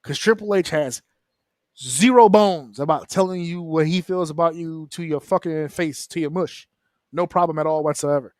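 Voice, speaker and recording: Animated, profane man in a round-table chat. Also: on the high side, no echo, studio quality. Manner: animated, profane, mimics wrestlers in quick asides. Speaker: wrestling podcast panelist.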